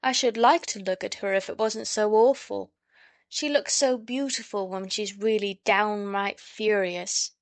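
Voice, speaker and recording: A woman voicing a lively little girl, the youngest sister, with an eager, lifted voice. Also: medium pitch, a little slow, dry recording, close to an everyday voice.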